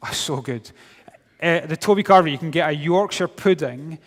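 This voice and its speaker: A middle-aged Scottish man giving a sermon to young people, wry and humorous, dropping to quiet for serious points. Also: a little high, normal speed. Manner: humorous, wry storytelling with sudden drops to quiet. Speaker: youth speaker. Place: large hall. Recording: long hall reverb.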